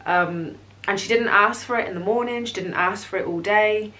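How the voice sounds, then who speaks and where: A young woman telling a personal story on her vlog, emotional and halting, close to tears. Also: medium pitch, pushed and bright. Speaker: vlogger.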